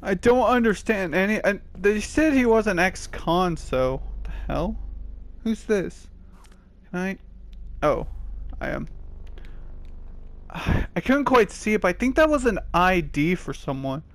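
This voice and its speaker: A man playing a horror video game and commenting on it, with loud exclamations and a lot of swearing. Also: high-pitched, very animated, a little slow, long pauses. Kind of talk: let's play commentary.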